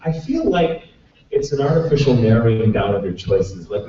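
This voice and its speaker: A man's voice: on the low side, warm tone, slight background noise. A man chatting at a fan panel, echoey. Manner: chatty, laughing, quick asides. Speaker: convention panelist. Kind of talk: casual panel talk to fans. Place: convention panel room. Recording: echoey hall from far off, dull.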